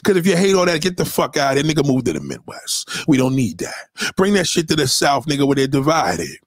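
A man's voice: a little high, sing-song, brisk, no room sound, clean studio sound. A man hosting a casual livestream, reading viewer comments and ranting bluntly with lots of profanity. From New York. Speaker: livestream host.

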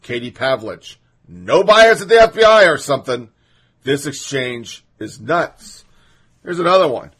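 Indignant, husky-voiced male podcast host. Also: medium pitch, big pitch swings, measured pace, a bit bright. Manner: sarcastic, indignant, reads quotes aloud. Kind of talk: political commentary podcast.

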